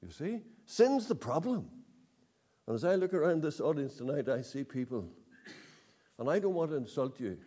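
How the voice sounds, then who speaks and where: A man's voice: a little high, very animated, moderate pace, dark tone. A man preaching a sermon to an evening audience, emphatic, repeating key words and asking rhetorical questions. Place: meeting hall with audience.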